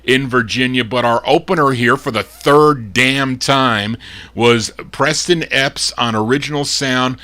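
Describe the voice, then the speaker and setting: A man hosting a live oldies record show, gruff and fed up as he grumbles between detailed introductions of the records he spins. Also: mid-range voice, measured pace, sharp tone. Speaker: radio show host and record DJ.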